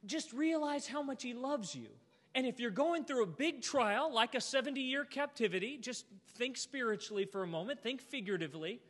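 High, bright-voiced preacher in a reverberant hall. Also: male voice. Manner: earnest, heartfelt, gentle invitation. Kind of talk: sermon. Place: church auditorium.

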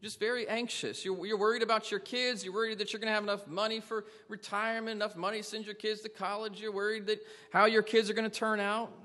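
A man's voice: sits high, little pitch movement, quick pace, few pauses, pushed and bright, big-room sound. A man preaching a sermon to a congregation, earnestly asking them question after question. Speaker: pastor.

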